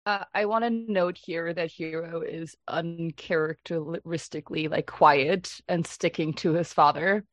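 Thoughtful woman player, slightly low, dry close recording. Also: unhurried, few pauses, no room sound. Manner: thoughtful, hesitant explaining. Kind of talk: casual chat.

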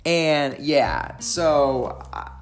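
Woman, casual chat storyteller, rambling and lively when acting out scenes. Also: deep voice, drawn-out words, soft background music.

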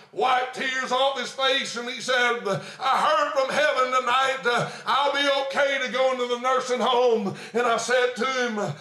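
Pastor, male, storytelling sermon, very high bright voice, echoey sanctuary. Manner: fervent preaching that swells into shouts, with frequent "uh" fillers.

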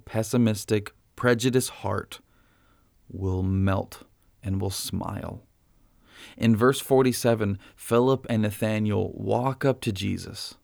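Male pastor, lowish gravelly voice, dry close sound, chatty sermon delivery that keeps asking "right?". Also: no room sound. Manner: conversational preaching, frequent "right?".

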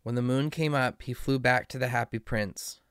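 A man reading a fairy tale aloud in a slow, measured way. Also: medium pitch, steady tone, a bit bright, clean tone, dry recording, studio quality. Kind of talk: storybook reading.

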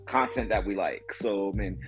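A man's voice: fairly low pitch, moderate pace, soft background music, rough recording. A man who is a guest on a podcast, chatting casually in a laid-back way and laughing often. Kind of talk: casual chat.

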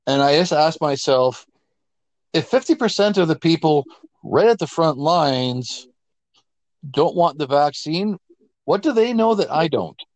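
A man talks through current affairs with emphatic, deliberate phrasing. His voice sits a little high. The recording is dry and close, with no room sound. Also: expressive, darkish tone, no room sound, poor audio. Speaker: co-host. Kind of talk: casual political talk.

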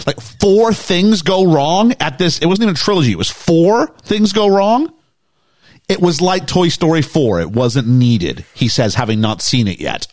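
Rambling man with a lively voice. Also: a little high, moderate pace, dry recording, clean studio sound. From United Kingdom. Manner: rambling, jokey, many fillers. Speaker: podcast host. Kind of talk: casual movie discussion.

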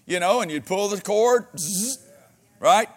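Expressive and a little slow, the pastor's high-sitting voice carries a sermon laced with folksy humor and frequent amens. He moves back and forth between loud exhortation and quiet asides.

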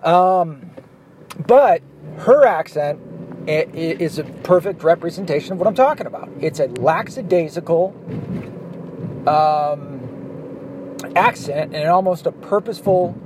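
A man rants bluntly and profanely from behind the wheel, his voice sitting a little high for a man. Faint road and traffic noise hums underneath. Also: expressive, unhurried. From Southern US, Arkansas. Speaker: vlogger. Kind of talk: ranting monologue while driving. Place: inside a car, driving. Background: faint car and street noise.

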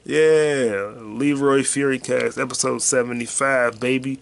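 Excitable, profane man hosting a podcast. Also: medium pitch, a little slow, gravelly. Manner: excitable, profane, slangy, drifting off to mutter while reading comments. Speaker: podcast host. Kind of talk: casual solo podcast chat.

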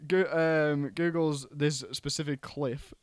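A man co-hosting a podcast, recapping a film plot in an animated, casual way with plenty of swearing. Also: fairly high pitch, takes it slowly, clear, resonant tone, no echo. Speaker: podcast co-host.

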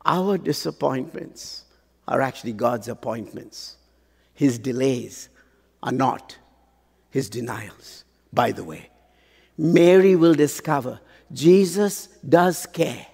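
A man preaching a sermon, pausing for effect and asking the congregation rhetorical questions. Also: mid-range voice, expressive, vocal fry, mellow, husky. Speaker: pastor. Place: large church hall. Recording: long hall reverb.

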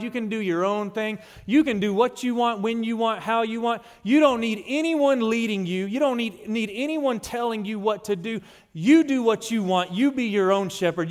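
A man preaching a sermon as pastor, emphatic and slowing down on key phrases. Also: high voice. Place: church sanctuary. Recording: long hall reverb.

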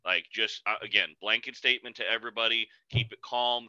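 A man's voice: lowish voice, a little fast, hardly any pauses, pushed and bright, no room sound. Blunt, profane man with a dull, dry sound. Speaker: podcast co-host, powerlifting coach. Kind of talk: casual podcast chat.

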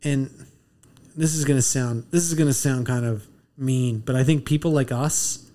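A man's voice: mid-range voice, normal speed, dark tone. A tired man co-hosting a podcast, ranting bluntly and swearing often in casual chat. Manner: profane, blunt rants with restarts. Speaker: podcast co-host.

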